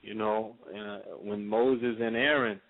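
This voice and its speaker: Low-voiced man on a phone line. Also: fairly even intonation. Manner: measured, preacherly, many fillers. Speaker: interview guest. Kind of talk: phone-in radio interview.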